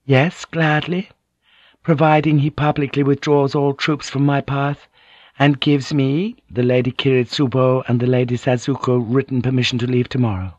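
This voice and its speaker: A man's voice: mid-range voice, level tone, normal speed, dry recording, dull audio, pitched above the performer's own voice, lightly acted. A man voicing a devout noblewoman who answers formally and politely but firmly. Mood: resolute. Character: proud, devout noblewoman, calm and resolute.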